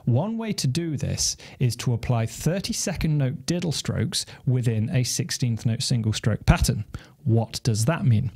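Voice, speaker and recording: A man's voice: medium pitch, expressive, a little slow, gravelly, warm tone. A man teaching snare drum technique, explaining step by step and counting beats aloud. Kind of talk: instructional demonstration. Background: snare drum playing.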